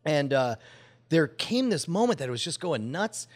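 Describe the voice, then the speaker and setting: A man in his forties with a slightly raised pitch, telling a story in casual conversation. He rambles, stalls on fillers and restarts, and breaks into laughter as he goes. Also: sing-song, moderate pace.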